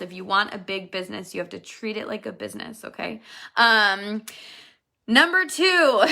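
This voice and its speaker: Her medium-pitched voice sounds pushed and bright as this woman in her thirties, a network marketing team leader, delivers an earnest, emphatic pep talk to her business team, driving home key points through repetition.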